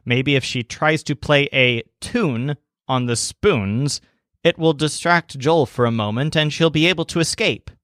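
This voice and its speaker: A man teaching a language lesson in scripted narration, slowing down to spell out foreign words and their stresses. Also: a little high, fairly bright tone, dry recording, studio quality.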